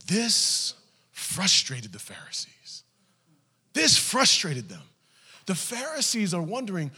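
A male pastor telling a family story in a sermon, animated and acting out the voices of his wife and daughters. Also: fairly high pitch, normal speed, breathy edge, long reverb tail.

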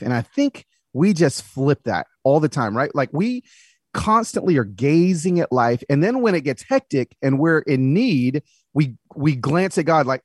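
Earnest, animated man, dry sound. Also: on the high side, unhurried, husky, dry recording. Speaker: podcast guest. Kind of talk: casual conversation.

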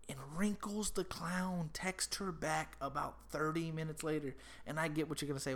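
A man's voice: on the high side, moderate pace, fairly bright tone. A man from Texas telling a loose, rambling story about his daughter and swearing freely. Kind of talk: casual storytelling.

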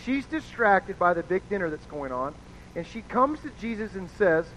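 With a high, slightly bright voice that swings widely in pitch, this pastor preaches at normal speed. He delivers a casual, chatty sermon, acting out those he quotes, recorded in dull lo-fi sound with faint noise.

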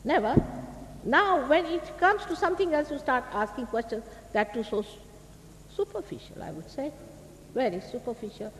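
An Indian woman teacher speaks to an audience in a large hall, her voice fairly high and swinging widely in pitch. She is emphatic and admonishing and often asks rhetorical questions. The old archive tape carries long hall reverb and a faint hiss. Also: lively intonation, moderate pace. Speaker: spiritual teacher. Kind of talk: public spiritual talk.

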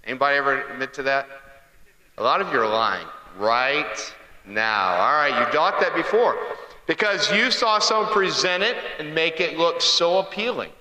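A man's voice: on the high side, lively intonation, moderate pace, pushed and bright, roomy sound, long reverb tail, rough recording. A man giving a humorous sermon, telling stories and asking the congregation questions in a conversational way. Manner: conversational storyteller, asks the crowd questions.

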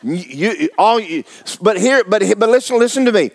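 A man's voice: high-pitched, lively intonation, moderate pace, creaky. A man, preaching a folksy, joking, emphatic sermon as pastor. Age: 70s.

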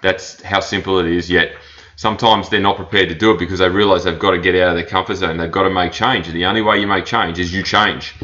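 A man's voice: sits low, steady tone, fast, sharp tone. A man hosting a solo podcast as a personal trainer. He talks bluntly and hammers his points home by repeating them. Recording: dull lo-fi podcast audio.

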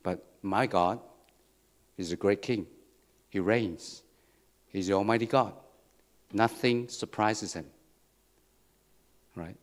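A man's voice: on the low side, takes it slowly, long pauses. Man preaching with frequent restarts. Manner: repetitive, restarts phrases, asks "okay?" and "right?". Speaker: pastor. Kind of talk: sermon.

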